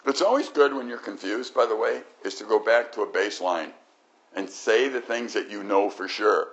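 An older man preaching a sermon, animated, swinging from loud exclamations to quiet, reflective stretches. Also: on the low side, normal speed. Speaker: pastor. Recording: dull lo-fi recording.

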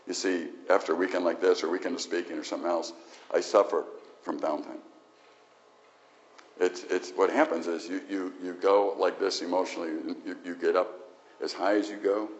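A man's voice: low voice, lo-fi sound. A male pastor preaching a sermon in an emphatic, conversational way with frequent restarts.

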